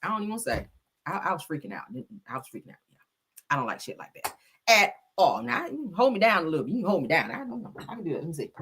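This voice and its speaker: A brash woman hosting a casual talk show, her husky voice swinging up and down with lively energy. She tells stories loudly, swears freely and laughs often. Her pitch sits a little low. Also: fast talker. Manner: loud, profane, laughing storyteller. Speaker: host. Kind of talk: casual commentary chat.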